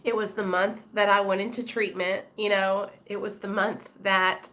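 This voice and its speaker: A woman's voice: mid-range voice, flat delivery, moderate pace, fairly bright tone. A woman chatting candidly with her live-stream viewers, talking straight to commenters by name. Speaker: vlogger talking to live chat. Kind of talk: casual live-stream chat.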